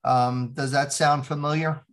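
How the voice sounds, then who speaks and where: A man's voice: mid-range voice, steady tone, a little slow. A man in his fifties hosting a podcast, talking casually with plenty of ums and uhs. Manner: warm conversational, frequent um and uh fillers. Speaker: podcast host.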